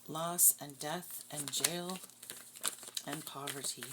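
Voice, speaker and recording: A woman's voice: low voice, steady tone, slow pace, very noisy. A woman giving a casual tarot reading, blunt, profane and scornful. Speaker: tarot reader.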